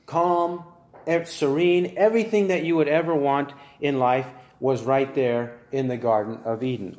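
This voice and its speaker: Earnest preacher asking rhetorical questions. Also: male voice, on the high side, a little mellow, echoey room. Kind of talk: sermon.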